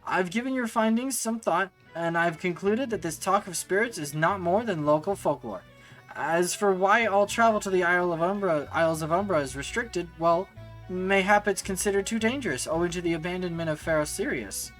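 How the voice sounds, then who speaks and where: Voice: mid-range voice, moderate pace, a bit bright, close to an everyday voice, low-quality recording. A streamer voicing a haughty woman scholar, reading game dialogue in a theatrical, mock-formal way with stammers, over faint music. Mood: pompous.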